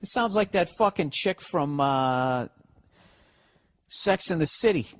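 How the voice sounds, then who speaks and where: A man's voice: fairly high pitch, animated, slow, a bit bright. A man with a Boston accent hosting a podcast, ranting sarcastically and profanely while reading listener letters aloud. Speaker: podcast host. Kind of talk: casual comedic rant.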